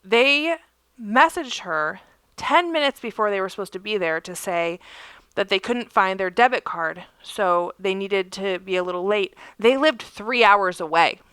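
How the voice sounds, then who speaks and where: A chatty woman co-hosting a casual podcast, her voice bright and smooth. The recording is close and dry. She tells stories at length in an easy, talkative way. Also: mid-range voice, expressive, a little slow, no room sound. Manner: chatty storyteller, laughs often. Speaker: podcast co-host. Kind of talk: casual chat.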